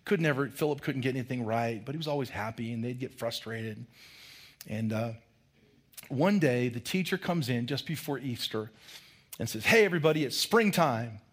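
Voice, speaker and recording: A man's voice: medium pitch, moderate pace, husky. A man preaching a sermon as pastor, telling a story and acting out the voices of children and a teacher.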